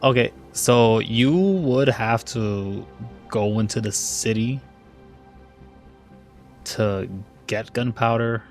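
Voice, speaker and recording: Male game master; slow, deliberate, thinks aloud. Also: medium pitch, soft background music. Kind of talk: narrating a tabletop game.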